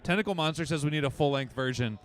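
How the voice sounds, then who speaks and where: A man's voice: on the high side, fast. A man co-hosting a live stream, bantering playfully with the others and welcoming chat viewers. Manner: playful, enthusiastic, jokey. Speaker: stream co-host and commentator.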